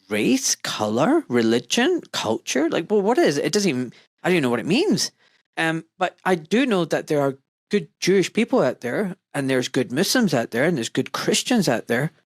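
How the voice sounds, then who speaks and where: A man from Scotland who is a doctor, hosting a podcast in a blunt, animated way, full of asides and quoted voices. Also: a little high, dry recording. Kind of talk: casual opinionated podcast talk.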